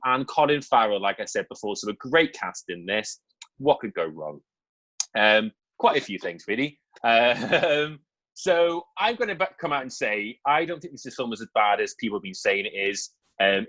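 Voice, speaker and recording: A man's voice: mid-range voice, moderate pace, fairly bright tone, poor audio. A young man co-hosting a film review show, talking casually and candidly with lots of asides and fillers.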